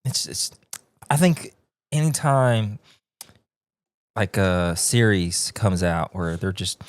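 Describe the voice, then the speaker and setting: A man's voice: low-pitched, lively intonation, slow pace, no room sound. A man co-hosting a podcast in casual chat, laid-back and dryly teasing. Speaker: podcast co-host.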